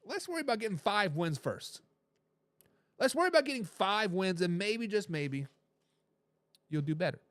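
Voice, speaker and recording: High-voiced emphatic sports talk host. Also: male voice, very animated, moderate pace, pauses often, fairly bright tone, no room sound. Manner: emphatic, repeats phrases for effect; reads viewer comments aloud with a laugh. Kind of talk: live sports talk show.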